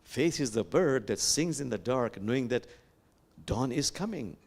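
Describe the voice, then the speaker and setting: Male imam, reflective sermon, slows down for sacred quotes, pitch rises and falls a lot, sanctuary service. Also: expressive, vocal fry. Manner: reflective, quotes sacred verses slowly and with emphasis; gentle, addresses the congregation directly.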